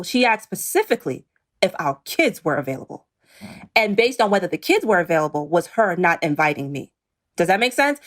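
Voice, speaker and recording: A middle-aged woman, a reality show cast member, talking earnestly and pointedly in an interview, acting out what others said. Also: lowish voice. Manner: earnest, pointed, quotes others in lively voices. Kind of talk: emotional interview talk.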